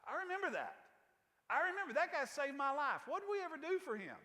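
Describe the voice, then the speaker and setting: An impulsive king bursts out in quick, excited demands, as a preacher acts him out. The voice is pitched unusually high for a man, and a long reverb trails behind every word. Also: exaggerated voice.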